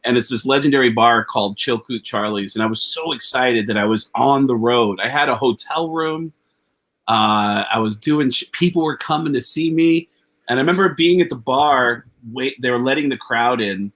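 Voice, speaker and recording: Comedian guest in his forties with an average-pitched male voice. Lively podcast storyteller. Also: moderate pace, low-quality recording. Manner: lively anecdotal storyteller, casual swearing.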